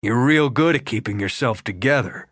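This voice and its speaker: A rough, brooding young man with a short temper, as an audiobook narrator voices him. He talks curt and bitter, and his voice swings through a lively range. It is recorded close and dry. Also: medium pitch, normal speed, dry recording. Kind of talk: audiobook character voice.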